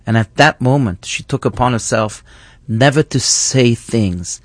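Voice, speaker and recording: A rabbi talks in an earnest, reflective way, often restarting his phrases. His voice sits at a middle pitch, and the recording is dry and close. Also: measured pace, no room sound. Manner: thoughtful, earnest, with frequent restarts. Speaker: rabbi, guest. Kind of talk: reflective teaching in conversation.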